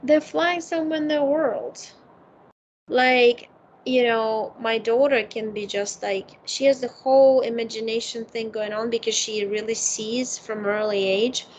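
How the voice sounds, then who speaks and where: Animated woman telling stories, faint hiss. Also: on the high side, measured pace, rough recording. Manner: animated storytelling with many fillers. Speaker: psychic consultant. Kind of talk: casual conversation.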